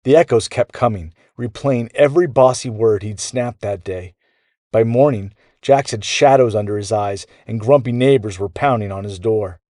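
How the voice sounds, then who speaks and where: Brief: man with a deep voice, lively children's bedtime storyteller, dry close sound. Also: normal speed, dry recording.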